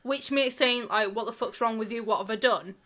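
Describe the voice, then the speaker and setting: A woman's voice: fairly high pitch, brisk, a bit bright. A woman in casual chat with her husband on a stream, teasing and laughing as she chimes in. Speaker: streamer's wife.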